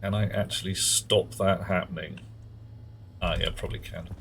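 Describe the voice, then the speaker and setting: A man's voice: deep voice, steady tone, normal speed, gravelly, a bit bright, slight background noise. A man streaming a game live, chatting casually and muttering at in-game objects.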